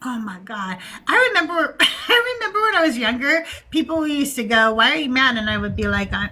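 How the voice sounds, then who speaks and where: A middle-aged woman hosting a chatty podcast, her voice fairly high and bright. She tells stories animatedly, acting out what others said. Her talk stays loose and conversational. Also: a little fast. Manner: animated, acts out quoted voices. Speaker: podcast host. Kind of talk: casual conversation.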